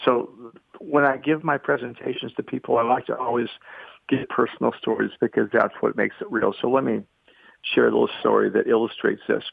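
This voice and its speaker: An older man, a guest on a podcast, telling stories in a lively way and acting out what others said, heard over a phone line. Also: mid-range voice, fairly quick, vocal fry, slightly rough, dry recording. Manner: lively storyteller, acts out quotes. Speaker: guest speaker. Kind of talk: podcast interview storytelling.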